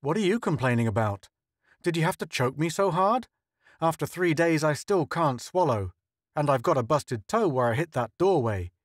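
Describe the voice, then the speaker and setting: An earnest, thoughtful scientist who explains at length in a slightly high voice, as a male narrator plays him. The sound is dry and close. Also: lively intonation, normal speed, no echo.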